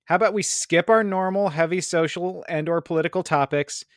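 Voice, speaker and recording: A man's voice: high voice, brisk, dry recording. A male radio co-host doing comedic banter in a studio, playful and laughing at his own slips.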